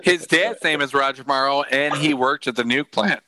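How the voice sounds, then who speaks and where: A man's voice: mid-range voice, normal speed, pushed and bright, dry recording. A man co-hosting a podcast, chiming in with short jokes in casual chat. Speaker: podcast co-host.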